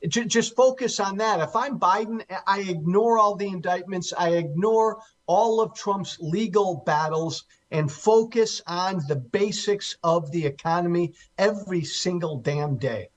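A man with a fairly high voice talks as a guest on political talk radio. He hammers his points home with emphasis, often repeating a word several times over. His delivery sounds forceful and insistent. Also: unhurried, few pauses. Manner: emphatic, repeats key words for stress. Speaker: guest commentator.

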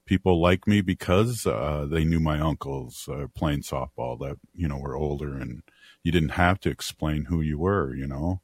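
A radio host with a very deep, low-pitched man's voice. He talks in a relaxed, encouraging way, with frequent "uh". The sound is close and dry. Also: normal speed, husky, no room sound. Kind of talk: casual radio interview.

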